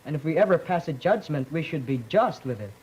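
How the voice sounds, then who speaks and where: Hesitant teenage boy, husky voice. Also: on the high side, lively intonation, darkish tone, low-quality recording. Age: teens. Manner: hesitant, halting. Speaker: student panelist.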